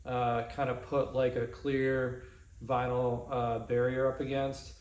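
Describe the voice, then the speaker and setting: Man, middle pitch, casual DIY walkthrough, rambling, lots of ums and restarts. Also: flat delivery, slow, a little mellow. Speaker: DIY vlogger. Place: pole barn workshop.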